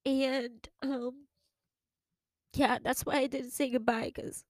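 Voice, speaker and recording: Young woman on a podcast, kinda high voice, dry close sound, halting and emotional. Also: level tone, no room sound. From Philippines. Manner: emotional, halting, full of restarts. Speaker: podcast host. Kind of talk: personal storytelling chat.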